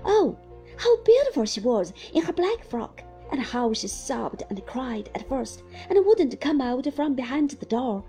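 A woman narrating a classic novel in an expressive storytelling manner. Her voice sits high and moves very freely in pitch. Soft music plays faintly behind the reading. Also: a little slow. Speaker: audiobook reader.

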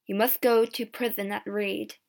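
A woman voicing a calm, kind male magistrate in a storybook, questioning people slowly and carefully. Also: medium pitch, lightly acted. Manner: slow and careful.

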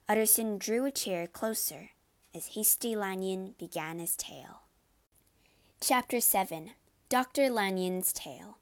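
Woman reading an old classic story aloud, measured and expressive. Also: mid-range voice. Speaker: narrator. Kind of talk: scripted storybook narration.

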